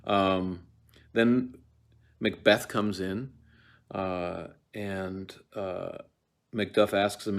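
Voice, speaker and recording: A man's voice: deep voice, vocal fry. A man giving a casual lecture on a play, digressing often, with many fillers and restarts. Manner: acts out lines in quick quoted voices. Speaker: actor teaching Shakespeare.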